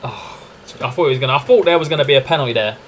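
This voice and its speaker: A young man streaming a football management game, commenting live in a chatty, excitable way and calling to his viewers as lads and mates. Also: mid-range voice, very fast, a little hiss or hum. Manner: excitable, chatty, keeps addressing "lads" and "mate".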